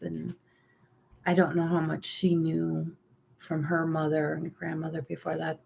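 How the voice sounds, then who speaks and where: Woman co-host, low gravelly voice, rambling casual talk, faint background hiss. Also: darkish tone. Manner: rambling, with frequent ums. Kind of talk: casual chat.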